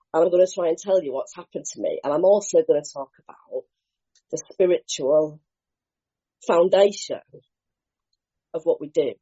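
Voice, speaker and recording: A woman's voice: sits low, breathy edge, muffled recording. A woman, speaking at a recovery meeting and telling her story earnestly and with animation. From England. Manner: earnest, animated storytelling, mimics other voices. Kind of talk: personal share at a recovery meeting.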